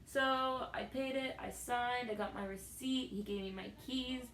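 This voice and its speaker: A woman's voice: fairly high pitch, moderate pace, roomy sound, slight background noise, poor audio. A young woman vlogging a self-deprecating story about her day, acting out what people said. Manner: self-deprecating, acts out quotes. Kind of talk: storytelling vlog.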